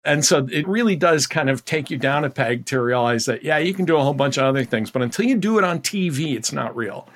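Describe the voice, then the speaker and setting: A middle-aged man chatting casually as a podcast guest, telling animated stories. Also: mid-range voice, fast talker, hardly any pauses. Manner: animated storyteller, acts out quoted people. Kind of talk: casual chat.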